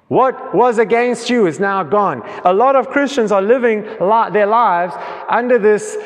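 A man's voice: sits high, big-room sound. A man preaching a sermon, reading scripture aloud and often repeating and restarting his words.

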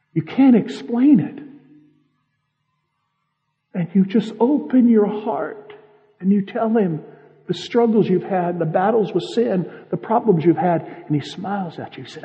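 A man's voice: sits high, measured pace. A man preaching a guided-imagery sermon, telling a vivid story in the second person with strong feeling. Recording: dull, reverberant hall.

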